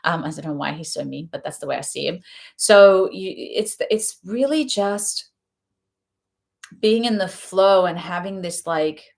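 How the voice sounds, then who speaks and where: Woman, young adult, lowish voice, casual rambling card reader, chatty with frequent laughs. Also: unhurried, vocal fry. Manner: chatty, rambling, laughs often between thoughts. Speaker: tarot reader. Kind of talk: casual spoken oracle card reading.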